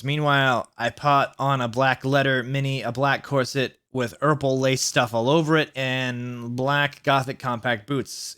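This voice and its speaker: Man doing a deadpan comedic reading. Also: medium pitch. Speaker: youtuber reading aloud.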